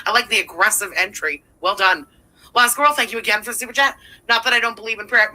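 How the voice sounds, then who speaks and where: A woman's voice: mid-range voice, fast talker, sharp tone, low-quality recording. A woman hosting a livestream, giving profane, sarcastic running commentary while thanking viewers. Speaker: livestream host.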